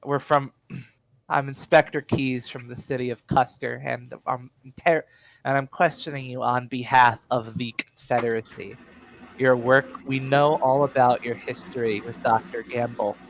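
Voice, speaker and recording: A man voicing a stern male inspector who questions a prisoner in a measured, threatening way. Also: medium pitch, fairly even intonation, creaky, a little hiss or hum, rough recording. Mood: formal.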